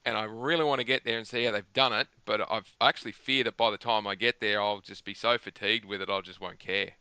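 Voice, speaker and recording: A man's voice: lowish voice, fairly even intonation, fast talker, bright, forceful tone, smooth, dry recording. A man talking at length on a gaming podcast, rambling and emphatic, restarting his sentences often. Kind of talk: casual chat.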